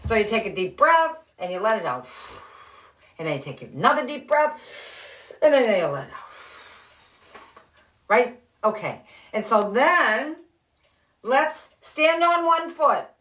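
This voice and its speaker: A middle-aged woman hosting a children's reading show, speaking gently and encouragingly to young kids as she reads a story and leads simple exercises. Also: mid-range voice, very animated, measured pace, pauses often, roomy sound. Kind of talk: reading aloud and leading kids' activities. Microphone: live-stream camera.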